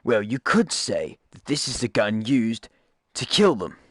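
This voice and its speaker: A man's voice: mid-range voice, sing-song, unhurried, no room sound, studio quality. A man giving casual gameplay commentary, rambling and joking, often cutting himself off to correct what he just said. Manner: rambling, jokey, self-correcting asides. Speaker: gaming YouTuber.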